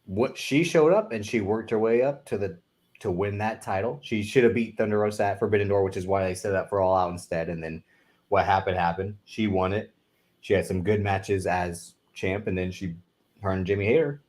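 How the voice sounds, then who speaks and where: A man's voice: on the low side, brisk, darkish tone. A man co-hosting a podcast, giving opinionated, rambling takes on wrestling, with some swearing. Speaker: podcast co-host. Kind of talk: casual podcast chat.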